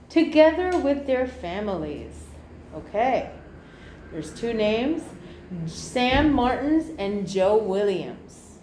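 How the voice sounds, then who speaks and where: A woman's voice: on the high side, darkish tone, a little hiss or hum. A woman teacher reading an exam passage to her class, with jokey asides and explanations. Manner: chatty, jokey asides while reading aloud. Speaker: English teacher. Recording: echoey room.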